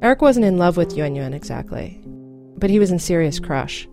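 A woman narrating a scripted radio story in a measured, even manner. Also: fairly low pitch, vocal fry, faint music behind.

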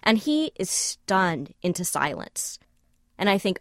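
A woman telling a personal story in conversation, animated and self-questioning, acting out the dialogue she quotes. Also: mid-range voice, takes it slowly, no echo, studio quality. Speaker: storyteller guest.

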